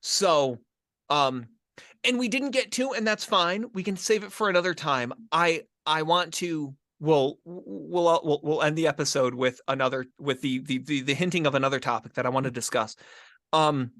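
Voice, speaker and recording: Bright, joking middle-aged man. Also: on the high side, no room sound, clean studio sound. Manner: joking, animated, lots of quick restarts. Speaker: podcast co-host. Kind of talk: casual chat.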